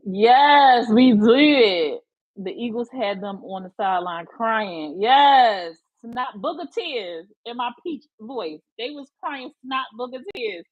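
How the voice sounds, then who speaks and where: Philly woman on a live stream, high husky voice, dry close sound, hyped and chatty. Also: animated, measured pace, hardly any pauses, no room sound, muffled recording. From Philadelphia. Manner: chatty, greets viewers by name, emphatic slang. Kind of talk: casual live-stream chat.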